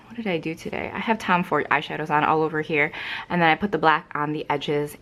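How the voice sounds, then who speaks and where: Her low-pitched voice comes across pushed and bright as this young beauty vlogger chats about makeup at home, facing the camera. She rambles casually, uses lots of fillers, and seems a little breathless.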